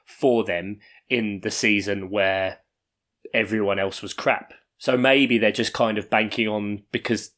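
A man's voice: on the low side, fairly even intonation, measured pace, fairly bright tone. A man co-hosting a sports podcast in casual chat, joking and riffing on numbers. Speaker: podcast co-host.

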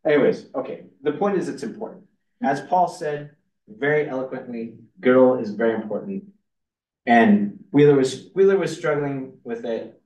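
A man lectures in a university hall, circling back on himself with frequent restarts and fillers. The room is roomy and echoing, and he sounds set back from the microphone. His voice sits at an ordinary middle pitch. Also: expressive, moderate pace, darkish tone. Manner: rambling, self-interrupting, many restarts and fillers. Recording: roomy hall audio from far off.

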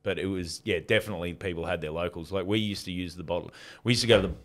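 A man's voice: deep voice, fairly even intonation, rapid-fire, a bit bright. A middle-aged man with an Australian accent, telling rambling anecdotes as a podcast guest and laughing often. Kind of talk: casual storytelling chat.

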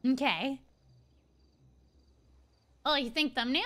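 A woman's voice: sits high, takes it slowly, bright, forceful tone. A woman streaming a role-play game, chatting casually and giggling often.

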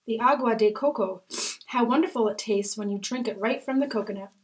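A woman's voice: a little high, a little fast, lightly acted, low-quality recording. A woman reading the part of a jolly young male barber who speaks cheerfully about food he loves. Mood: delighted.

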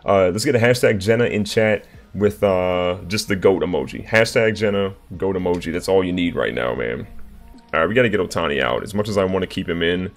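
A young man from Virginia streaming a game live, reacting loudly to plays and reading his chat aloud to thank viewers. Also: sits low, fairly quick. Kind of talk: live gameplay commentary.

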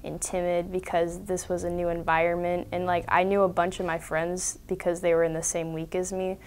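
A woman softly and hesitantly recalling her time as a camper. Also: lowish voice, little pitch movement, fairly quick, a little hiss or hum. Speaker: interviewee, former camper. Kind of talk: casual recollection.

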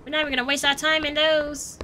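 Young woman gaming streamer, really high bright voice, yelps and chatters at chat, faint hiss behind. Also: fast talker. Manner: excitable, exclaiming, talking to viewers. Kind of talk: live gameplay commentary.

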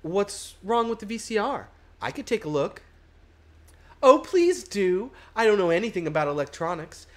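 A woman voicing a chatty, folksy middle-aged female tugboat pilot in a video game, with a slightly hoarse put-on voice. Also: mid-range voice, lively intonation, normal speed, voice pushed up, lightly acted. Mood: friendly.

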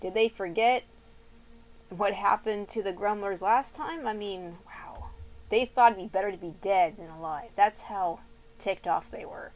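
A woman's voice: medium pitch, measured pace, poor audio. A woman reading scripture aloud expressively and breaking off for casual, chatty comments. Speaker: Bible reader and commentator.

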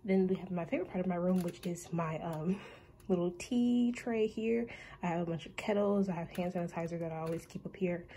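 A woman's voice: fairly low pitch, fairly quick, dark tone, a little hiss or hum. A young woman vlogger giving a casual, rambling tour of her bedroom, slightly out of breath. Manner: chatty, rambling with many ums.

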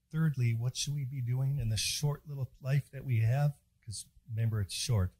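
A man's voice: mid-range voice, a little mellow, breathy edge, dry recording. A man preaching a sermon in a chapel, folksy and joking as he tells stories.

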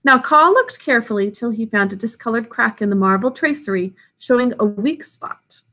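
A woman's voice: fairly high pitch, expressive, normal speed, bright, forceful tone. A woman reading a story aloud, stopping to explain what is happening. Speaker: storybook reader.

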